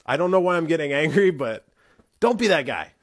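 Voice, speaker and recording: Man, heated scolding rant, high voice, very lively pitch. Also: brisk. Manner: emphatic, scolding, swings loud to whispered. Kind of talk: heated ranting monologue.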